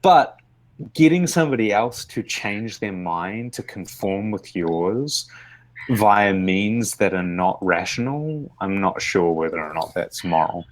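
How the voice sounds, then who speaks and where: A man's voice: fairly low pitch, lively intonation, unhurried. A man with a New Zealand accent in casual discussion, thinking aloud with many hesitant restarts. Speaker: podcast co-host.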